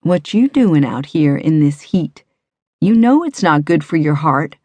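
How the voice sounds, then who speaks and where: A woman voicing a determined female police detective who chides gently and speaks briskly. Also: low voice, animated, no echo, highs cut off. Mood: chiding. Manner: gently chiding, brisk when urgent. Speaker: cop. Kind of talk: audiobook character voice.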